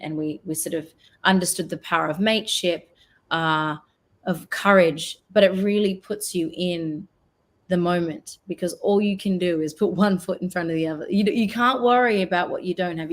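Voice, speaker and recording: A woman with an Australian accent, a guest on an online talk show, talking earnestly and reflectively and trailing off mid-sentence. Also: on the low side. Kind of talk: casual interview chat. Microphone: video call.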